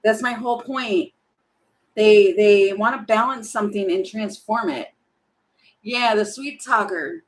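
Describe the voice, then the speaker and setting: Slow-talking chatty woman tarot reader. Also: medium pitch, slight background noise, low-quality recording. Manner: chatty, giggly, talks in acted-out quotes. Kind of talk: casual tarot reading.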